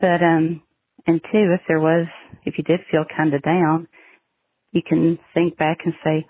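Woman, chatty voicemail, gravelly, husky, dry phone audio. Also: low voice, little pitch movement, unhurried, no room sound. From Georgia, US. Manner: chatty, storytelling. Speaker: caller. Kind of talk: voicemail to a podcast. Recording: dry tinny phone line.

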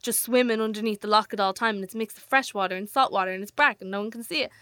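Woman musician, bright and smooth, dry close sound, playful casual chat. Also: medium pitch, very fast, dry recording. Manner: chatty, playful, exaggerating for laughs. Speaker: touring musician guest.

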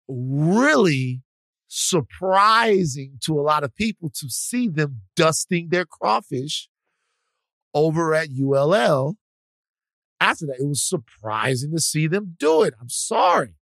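A man from Louisiana co-hosting a podcast, talking in an animated, joking way full of restarts. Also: a little high, takes it slowly, no room sound. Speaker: podcast co-host. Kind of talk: casual chat.

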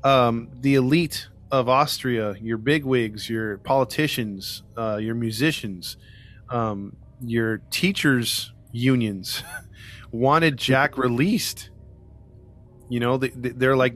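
A man's voice: medium pitch, expressive, slow, a bit bright. Rambling, sarcastic podcast host man. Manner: rambling, frequent "you know" fillers and restarts. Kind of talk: casual true-crime storytelling chat.

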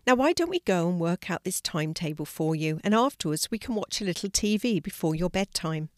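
An older woman reading a storybook, voicing a kind, calm mother who speaks gently. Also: on the low side, a little fast, dry recording, studio quality, natural voice.

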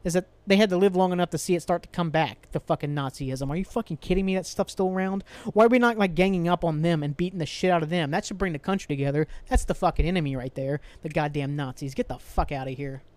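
A man's voice: on the high side, fast talker, few pauses, a little mellow, dry recording. A young man hosting a solo podcast, ranting angrily and profanely with frequent sighs and restarts. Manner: angry, profane, rambling rant with sighs. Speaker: podcast host.

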